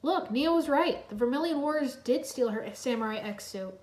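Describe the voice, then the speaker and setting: A woman's voice: high voice, lively intonation, normal speed, darkish tone. A woman voicing a level-headed young male ninja who calls out and muses, in a roomy echo. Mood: alert. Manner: calling out, musing.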